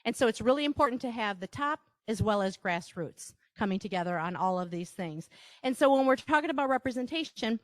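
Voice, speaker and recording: A woman's voice: mid-range voice, a bit bright, dry recording, studio quality. A woman with a Wisconsin accent giving a live workshop presentation, chatty, with asides and rhetorical questions to the audience.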